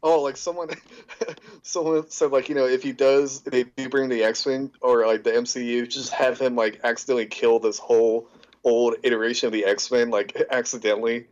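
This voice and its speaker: A man co-hosting a laid-back podcast, telling jokes and stories in a loose, rambling way that leans on "like". His voice sits at an ordinary middle pitch for a man. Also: flat delivery, normal speed, a little mellow, muffled recording. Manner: casual, joking, leans on "like" a lot. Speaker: podcast co-host. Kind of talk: casual chat.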